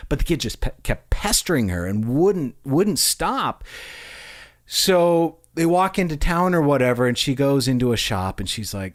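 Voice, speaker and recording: A man's voice: medium pitch, moderate pace. Man telling stories on a podcast. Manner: animated, amused, acts out quotes. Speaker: podcast host. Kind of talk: casual storytelling.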